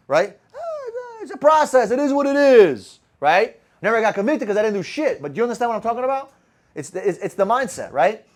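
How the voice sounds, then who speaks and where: A man with a high voice gives a motivational sales talk to a room of listeners. He talks fast, swears freely and keeps throwing rhetorical questions at the crowd. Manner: blunt and profane, firing rhetorical questions at the audience. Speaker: sales coach. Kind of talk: motivational talk to a live group.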